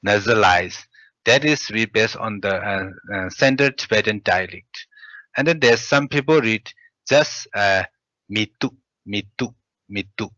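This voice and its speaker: A man teaching pronunciation, reading syllables aloud and pausing often with hesitant fillers. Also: lowish voice, sharp tone, dry recording. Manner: hesitant, many pauses and fillers. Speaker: language teacher. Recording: dull, dry lo-fi recording.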